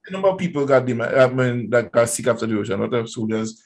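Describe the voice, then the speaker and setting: A man's voice: medium pitch, expressive, rapid-fire, darkish tone, low-quality recording. A man, a guest speaking earnestly in a casual radio interview. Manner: earnest, warning tone.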